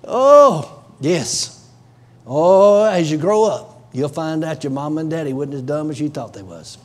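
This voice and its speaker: A middle-aged man preaching with a drawl, his voice sitting notably high for a man. He talks in a homespun, emphatic way, weaving stories into his exhortations. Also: lively intonation, unhurried, warm tone. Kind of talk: folksy revival preaching.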